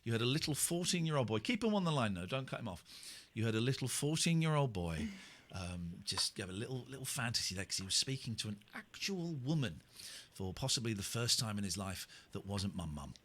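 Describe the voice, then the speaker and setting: A man hosting a late-night radio phone-in from a studio, mocking and teasing callers with bursts of shouting. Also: mid-range voice, sing-song, a little fast. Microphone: studio microphone.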